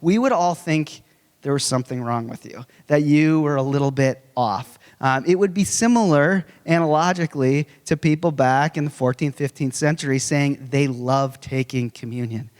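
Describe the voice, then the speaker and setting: A man in his forties, giving a conference lecture in a conversational, animated way with humorous storytelling. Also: on the high side, moderate pace, clear, resonant tone. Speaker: conference speaker. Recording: long reverb of a large hall.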